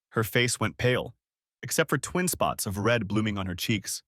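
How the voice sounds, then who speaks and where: A man's voice: lowish voice, lively intonation, moderate pace, fairly bright tone, no echo, studio quality. Man reading a cold, bitter story. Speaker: story narrator. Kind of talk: first-person story reading.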